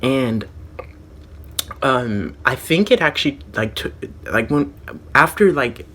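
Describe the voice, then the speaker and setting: A man's voice: mid-range voice, lively intonation, takes it slowly, fairly bright tone. A man vlogger telling a rambling storytime monologue, full of "like" fillers and restarts.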